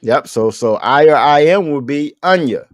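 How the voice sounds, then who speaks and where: A man's voice: on the high side, expressive, moderate pace, no echo. Man teaching an online class, dry close sound. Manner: patient, repeats questions, casual joking with students. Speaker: language teacher.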